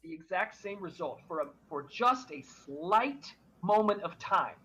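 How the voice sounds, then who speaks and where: A man with a husky, fairly high voice narrates a tabletop game as game master. He talks in a halting way, stopping and restarting his sentences as he describes the scene. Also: animated, pushed and bright, rough recording. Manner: halting, full of fillers and restarts.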